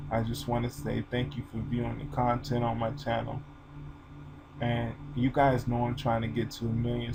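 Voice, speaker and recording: A man's voice: mid-range voice, gravelly, background noise. A man talking to his channel in an emotional, informal, rambling way, full of fillers. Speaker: vlogger. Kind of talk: personal video monologue.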